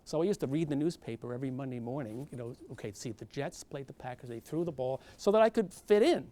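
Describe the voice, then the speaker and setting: An older man giving an animated business talk to a live audience, telling stories and acting out the people in them. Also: fast. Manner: storytelling, acts out quoted people, big pitch swings. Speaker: keynote speaker. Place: event venue with audience.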